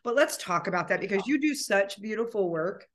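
A woman's voice: medium pitch, expressive, fairly quick. A woman talking as a guest in an emotional, heartfelt conversation, at times near tears.

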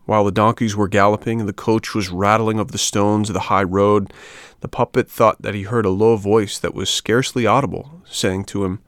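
A man reading a classic children's story aloud in a measured, even way. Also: fairly low pitch, smooth, no room sound, clean studio sound. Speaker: audiobook narrator. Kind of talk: storybook narration.

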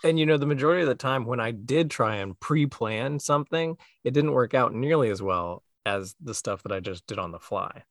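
A man co-hosting a podcast, relaxed and agreeable, chatting casually about playing tabletop games. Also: medium pitch, a little fast, hardly any pauses, dry recording, clean studio sound. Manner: relaxed, agreeable, brief affirmations. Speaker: podcast co-host and player. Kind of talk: casual chat.

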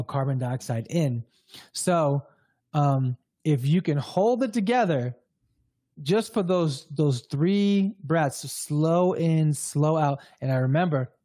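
A man with a fairly high, mellow voice tells a candid personal story as a guest. He talks casually and loosely, full of fillers. The sound is dry and close. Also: a little slow, no echo. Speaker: guest, breathwork coach.

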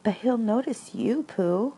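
Timid tiny piglet in a storybook, put on by a woman reader; high, fretful, husky edge. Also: lively intonation, slow, mellow, exaggerated voice. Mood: anxious. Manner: nervous, trembling, fretful. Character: timid, anxious small male piglet. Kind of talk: storybook read-aloud.

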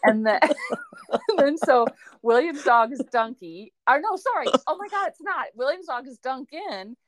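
A woman's voice: sits high, measured pace, no room sound. A woman hosting a podcast, asking a friend questions in casual chat and laughing often. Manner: giggly, animated interviewer. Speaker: podcast host.

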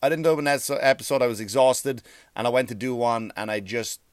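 A man's voice: medium pitch, a little fast, dry recording, studio quality. A man, a comedian hosting his own podcast, ranting in a rambling way, swearing freely and restarting his sentences. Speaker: stand-up comedian and podcast host. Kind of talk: profane comic rant.

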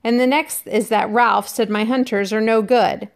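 A woman reading the lines of a proud, angry schoolboy who leads the hunters, loud and defiant. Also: on the high side, steady tone, moderate pace, creaky. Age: child. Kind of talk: read-aloud novel dialogue.

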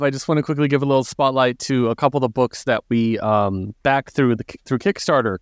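A man's voice: mid-range voice, no echo, studio quality. A man hosting a podcast, friendly and upbeat as he wraps up the episode. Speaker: podcast host. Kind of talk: casual podcast chat.

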